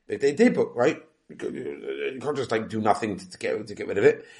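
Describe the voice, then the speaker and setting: A man's voice: lowish voice, very animated, creaky, a little mellow. A man giving a Talmud study lecture, reading the text aloud and explaining it in English with many rhetorical questions. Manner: mixes Aramaic readings with quick English explanation. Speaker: Talmud teacher.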